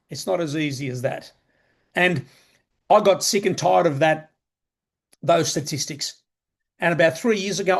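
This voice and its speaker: A man pitches a membership opportunity live, his voice sitting a bit high for a man. He talks eagerly and casually, circling back on his words and throwing rhetorical questions at his listeners. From Australia. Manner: enthusiastic, repetitive, conversational pitch with rhetorical questions. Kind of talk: live sales presentation.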